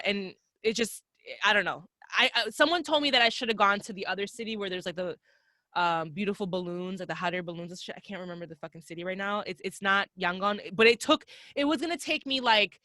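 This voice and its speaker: A woman's voice: medium pitch, no echo. A young adult woman, a podcast guest, telling travel stories in casual, profane chat and acting out the voices she quotes. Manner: profane, animated storyteller who acts out quoted voices.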